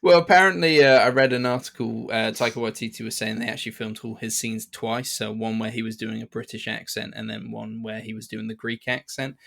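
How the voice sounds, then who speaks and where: A man's voice: on the low side, fairly even intonation, brisk, vocal fry, few pauses, a bit bright. A man co-hosting a podcast, chatting casually about a film and often restarting his sentences. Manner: hesitant, many restarts and fillers. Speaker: podcast co-host. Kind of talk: casual film review chat.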